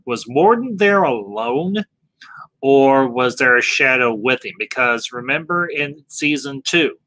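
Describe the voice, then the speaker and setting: A man's voice: medium pitch, expressive, unhurried, pushed and bright, no echo, low-quality recording. A man hosting a casual discussion, speaking animatedly, posing questions and restarting his sentences. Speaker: podcast host moderating a discussion.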